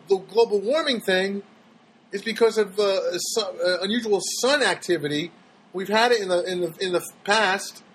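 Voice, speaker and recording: A man's voice: high-pitched, fairly bright tone, husky, rough recording. A man hosting his own show from a studio apartment, rambling and joking in a loose monologue with many restarts. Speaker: podcast host. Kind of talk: casual solo monologue.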